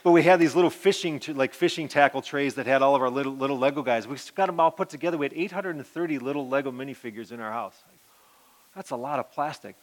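This is a middle-aged pastor with a mid-range voice, talking fast through an earnest personal testimony. It rambles with restarts, and his voice often sinks down to a soft murmur.

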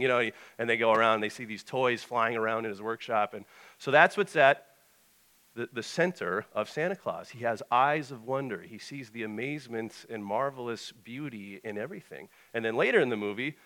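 A man's voice: fairly low pitch, moderate pace, sharp tone. A young male pastor preaching a conversational sermon, reading a short passage and then telling anecdotes.

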